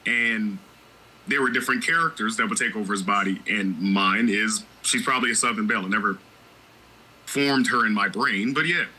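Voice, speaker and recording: A man's voice: on the low side, normal speed, pushed and bright, slightly rough, low-quality recording. A man hosting a podcast, talking candidly and with strong opinions, with frequent restarts. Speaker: podcast host. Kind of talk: casual podcast chat.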